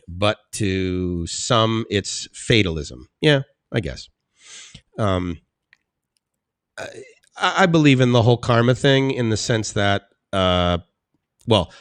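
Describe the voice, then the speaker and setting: A middle-aged man hosting a live stream, talking casually and rambling, laughing often and swinging between soft musing and excited high bursts. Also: no echo, clean studio sound. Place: indoors at home.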